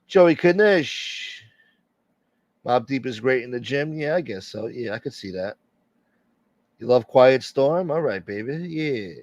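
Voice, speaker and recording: A man's voice: medium pitch, expressive, measured pace, long pauses, a little mellow, dry recording, dull audio. Profane joking man hosting a livestream. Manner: profane, joking, reading out viewer names. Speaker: livestream host. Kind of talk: casual live-stream chat.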